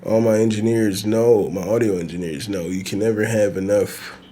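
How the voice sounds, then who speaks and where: A man's voice: fairly low pitch, fairly even intonation, moderate pace, warm tone, a little hiss or hum. A man hosting his own podcast, talking casually and profanely in a loose, rambling way with bursts of laughter. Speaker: podcast host. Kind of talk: casual solo podcast rant.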